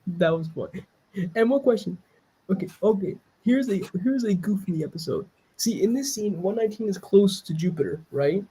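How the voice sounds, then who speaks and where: A husky-voiced creator comments over their own fan cartoon, quick and joking. Their pitch jumps around as they point out little details on screen. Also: lively intonation, warm tone, low-quality recording. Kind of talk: casual watch-along commentary.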